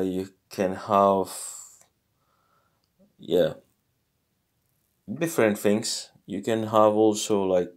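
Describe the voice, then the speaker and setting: A man teaching a casual lesson, thinking aloud in a halting way and sounding out foreign words slowly. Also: lowish voice, darkish tone. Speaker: language learner teaching a lesson. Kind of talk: casual screen-recorded lesson.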